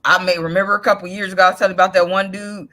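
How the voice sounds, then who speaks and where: A woman's voice: medium pitch, little pitch movement, racing, bright, forceful tone. A woman co-hosting a casual chat, telling her story in a chatty way with many restarts. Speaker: co-host.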